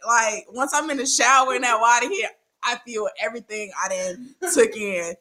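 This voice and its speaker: A young woman telling a crude, animated story in casual chat, laughing often. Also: fairly high pitch, normal speed.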